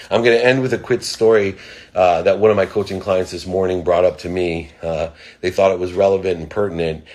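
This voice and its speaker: A middle-aged man giving an earnest motivational talk, telling a personal story and swinging between emphatic and hushed delivery. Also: low-pitched. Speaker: motivational speaker.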